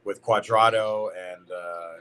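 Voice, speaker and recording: Low-voiced man reacting to a match live. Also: fairly even intonation, slow, fairly bright tone, smooth, low-quality recording. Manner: chatty, reacting aloud with exclamations; talks to his chat by name. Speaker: streamer hosting a football watch party. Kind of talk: casual live reaction commentary.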